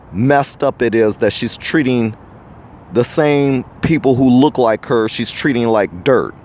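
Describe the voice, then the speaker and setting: A man's voice: medium pitch, darkish tone. Indignant man preaching to the camera. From United States. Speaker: podcast host. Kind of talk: opinion monologue addressed to the viewer.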